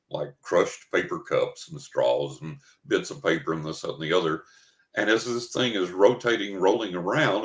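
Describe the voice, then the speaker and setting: Deep-voiced older man telling a story. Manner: vivid, dramatic storyteller who acts out his own thoughts. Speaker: guest. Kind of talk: storytelling interview. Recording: roomy, echoey recording.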